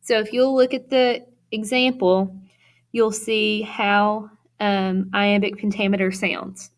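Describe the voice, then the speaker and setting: A woman's voice: medium pitch, level tone, takes it slowly. Woman teacher reading lesson notes. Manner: reads notes aloud steadily, with occasional fillers. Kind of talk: recorded classroom lecture.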